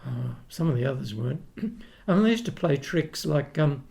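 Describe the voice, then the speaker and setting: A man's voice: fairly high pitch, lively intonation, normal speed, vocal fry, mellow. An older man from Australia with an Australian accent, a guest telling rambling anecdotes with frequent restarts in a casual podcast chat. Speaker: guest, retired opera tenor.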